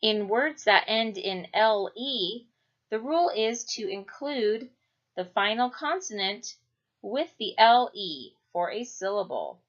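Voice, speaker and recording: A woman teaching a children's phonics lesson, speaking clearly and drawing out each syllable. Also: mid-range voice, animated. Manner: slow, clear, stretching out syllables. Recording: dull lo-fi recording.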